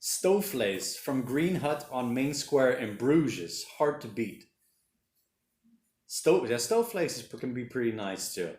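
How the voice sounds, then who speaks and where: Male livestream host, mid-pitched, rambling chat in a roomy space. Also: very animated, slow, a little mellow. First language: Portuguese. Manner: rambling, chatty, reads viewer comments aloud. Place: home room during lockdown.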